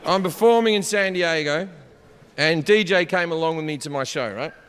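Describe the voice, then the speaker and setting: High bright comic on stage. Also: male voice, moderate pace, clear, resonant tone. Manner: profane, animated, shouts punchlines. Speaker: stand-up comedian. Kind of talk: stand-up storytelling. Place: large theater stage. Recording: live hall reverb, faint crowd ambience.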